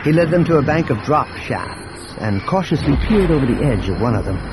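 A man narrating an audiobook in a steady, expressive reading. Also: mid-range voice, fairly quick, background noise. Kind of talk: scripted narration.

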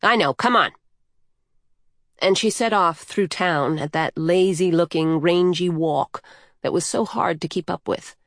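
A woman reading a story aloud in a slow, measured, lyrical way, her voice a bit low for a woman. The sound is close and dry, with no room around it. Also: fairly even intonation, dry recording. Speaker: narrator. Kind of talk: scripted audiobook narration.

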